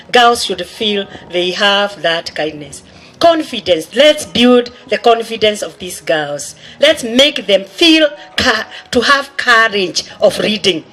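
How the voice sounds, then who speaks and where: A woman's voice: medium pitch, a bit bright. Earnest woman listing values. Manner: earnest, list-like. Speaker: speaker. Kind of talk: encouragement speech.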